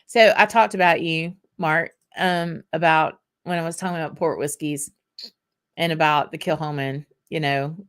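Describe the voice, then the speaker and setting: A woman's voice: low-pitched, steady tone, moderate pace, fairly bright tone, smooth. A woman with a Southern US accent hosting a casual whisky livestream, chatting loosely with lots of ums and laughs as she answers viewer comments.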